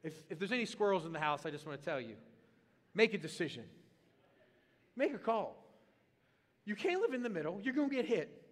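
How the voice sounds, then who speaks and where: A man preaching a sermon as pastor, animated and comic, swinging into loud excited bursts. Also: high-pitched, fast talker. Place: church auditorium. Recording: long reverb of a large hall.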